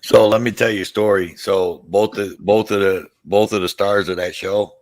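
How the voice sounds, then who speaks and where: Lower-pitched male guest, keen fan energy, stumbles and restarts, on a video call. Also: fairly even intonation, no room sound. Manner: eager, halting fan talk with restarts. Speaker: podcast guest. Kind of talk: casual chat.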